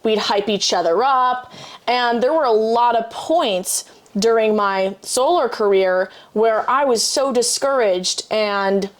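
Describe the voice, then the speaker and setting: A woman's voice: fairly high pitch, takes it slowly. Earnest young woman hosting a podcast. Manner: earnest, sincere, asks personal questions. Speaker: podcast host. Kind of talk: conversational interview.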